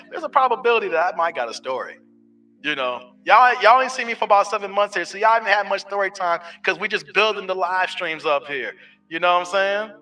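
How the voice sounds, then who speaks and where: A man's voice: high-pitched, pushed and bright. A man in his forties hosting a casual live stream, telling loose stories full of street slang and swearing. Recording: distant mic with faint music.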